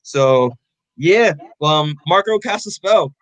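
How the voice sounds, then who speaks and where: Rambling, profane young man, fairly high voice. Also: expressive, takes it slowly, fairly bright tone, no echo, rough recording. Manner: rambling, swears freely, many fillers. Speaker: podcast co-host. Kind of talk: casual chat recapping a comic.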